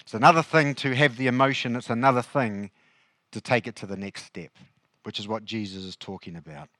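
A man's voice: mid-range voice, steady tone, brisk, a bit bright, dry recording. A male pastor, preaching a sermon in a conversational way and asking the congregation questions.

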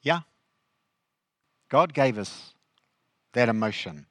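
A man's voice: medium pitch, expressive, slow pace, fairly bright tone, no echo. A male pastor, preaching a sermon in a conversational way and asking the congregation questions.

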